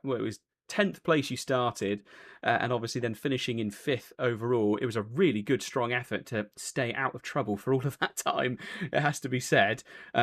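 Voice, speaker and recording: A race broadcast host, a man with a mid-range, fairly bright voice, conducts a post-race interview. His talk is chatty and rambling, full of fillers and self-corrections.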